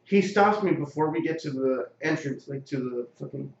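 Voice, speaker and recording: A man's voice: a little high, expressive, moderate pace, gravelly. A young man telling a profane story in casual chat, acting out quotes and laughing often. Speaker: podcast co-host telling a story. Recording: roomy, distant, dull lo-fi sound.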